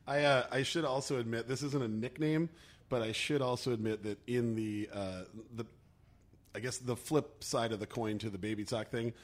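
A man telling a funny story on a podcast in an animated, joking way. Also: medium pitch, normal speed. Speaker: podcast co-host. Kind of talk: casual storytelling.

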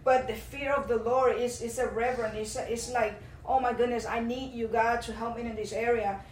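A woman with a fairly high voice gives an earnest, impassioned testimony in a church hall. She is picked up from some distance, so the sound is roomy and echoing. A faint hum sits underneath. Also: steady tone, moderate pace. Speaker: church speaker. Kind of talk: sermon-style testimony.

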